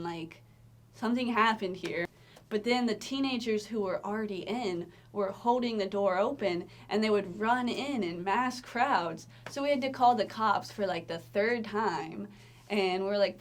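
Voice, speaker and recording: Young woman from Tennessee, mid-pitched, chatty, animated storyteller, theater-worker type. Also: unhurried. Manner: chatty, animated retelling, frequent "like" fillers and laughs. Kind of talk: casual storytelling interview.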